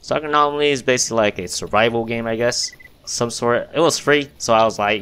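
A man's voice: mid-range voice, fast talker, fairly bright tone, a little hiss or hum. A young man giving casual, jumpy commentary while playing a game, often startled and calling everyone "bro". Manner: jumpy, easily startled, says "bro" constantly. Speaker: gaming youtuber.

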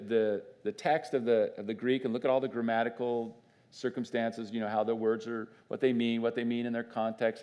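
Man preaching, conversational and animated, mid-pitched voice, church sermon. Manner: animated and conversational, with restarts and laughs. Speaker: pastor.

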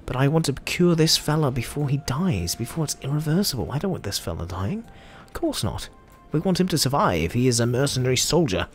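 A man's voice: mid-range voice, very animated, a little fast, hardly any pauses, soft background music. A man with an Australian accent giving chatty, jokey commentary over his own gameplay. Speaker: gameplay video host.

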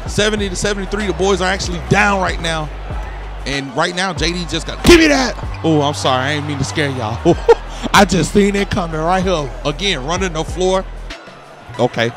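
A young man giving excited, slangy commentary over his basketball video game, hollering at big plays. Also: fairly high pitch, normal speed. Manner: casual slangy talk. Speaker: gaming YouTuber. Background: game music.

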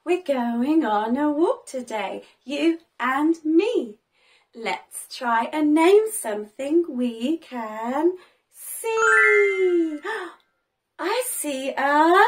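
A woman's voice: high-pitched, fairly bright tone. A woman hosting a children's learning video as a preschool teacher, talking in a sing-song way with dramatic gasps and plenty of praise.

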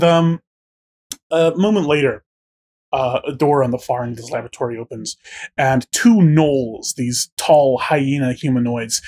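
A man's voice: mid-range voice, darkish tone. A man running a tabletop game as game master, narrating scenes in a descriptive way with frequent filler words.

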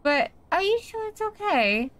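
A woman voicing a suspicious, prying male hotel guest from a horror game, reading his lines in a lowered voice. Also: very animated, measured pace, a bit bright, full character voice. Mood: probing.

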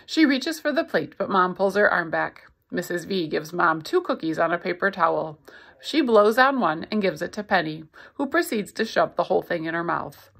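A woman's voice: fairly low pitch, normal speed, vocal fry. A woman reading a novel aloud, expressively voicing the narrator. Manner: expressive storytelling. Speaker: reader.

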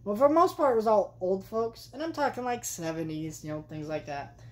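A woman's voice: mid-range voice, lively intonation, brisk. A young adult woman reviewing a film in a vlog, chatty and exasperated, with lots of fillers. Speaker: movie vlogger. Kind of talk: casual movie review rant.

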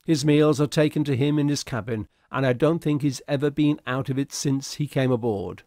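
A man's voice: mid-range voice, normal speed, dark tone, no echo, studio quality, voice pushed up, lightly acted. A man voicing a dutiful chief steward who reports in a raised, eager voice. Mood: reporting.

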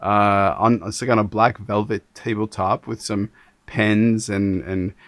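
Animated Canadian man hosting. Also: fairly low pitch, measured pace, no echo. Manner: animated, emphatic, frequent restarts. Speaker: podcast host. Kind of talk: casual interview conversation. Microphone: video call.

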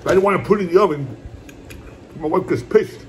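A man's voice: fairly high pitch, quick pace, a little hiss or hum. Laid-back man chatting while he eats. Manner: laid-back, rambling, repeats "my brothers" and "puppy". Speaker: mukbang vlogger. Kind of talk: casual eating vlog chat. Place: at home, indoors.

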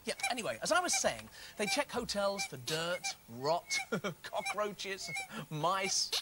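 A man presenting a children's TV puppet comedy, excitable and laughing often. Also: sits high, a little slow, heavy background noise.

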